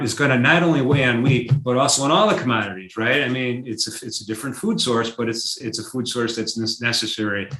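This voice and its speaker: A man's voice: medium pitch, roomy sound. Chatty man hosting a live trading show. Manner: conversational, with frequent fillers and restarts; gets excited over charts. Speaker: market analysis host. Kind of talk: live trading stream commentary.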